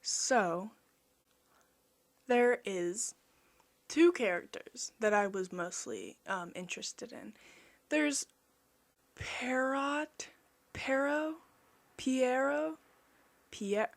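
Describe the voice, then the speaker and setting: Young woman, artist vlogger, unhurried higher voice, rambling self-mocking chatter. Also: vocal fry. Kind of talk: casual voice-over chat.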